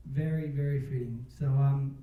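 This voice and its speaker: A man's voice: medium pitch, fairly even intonation, normal speed. A man giving a wedding toast, joking and chuckling between lines and telling a story. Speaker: wedding speech giver. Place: wedding reception hall. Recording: distant, roomy, dull-sounding hall.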